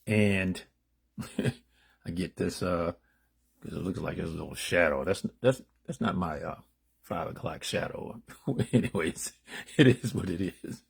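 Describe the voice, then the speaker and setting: A slow, husky man reads daily spiritual meditations off the cuff. He raises his voice for the written passages, then slips into low, offhand asides before going on. The delivery is casual and unrehearsed. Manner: unrehearsed, loose asides between readings; reads passages louder and higher, asides dropped low and quiet. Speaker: spiritual reader.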